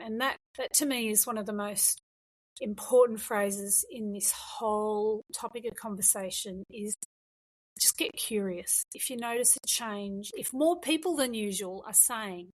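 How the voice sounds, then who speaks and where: A middle-aged woman guest speaks a little slowly in a fairly high voice, telling her story frankly and with emphasis. It's a conversational interview on a low-quality recording.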